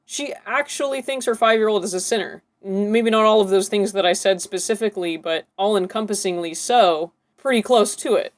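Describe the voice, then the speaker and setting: A woman's voice: mid-range voice, a little fast, hardly any pauses. A woman hosting a casual reaction commentary, swearing freely and breaking into incredulous giggles. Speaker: reaction video host.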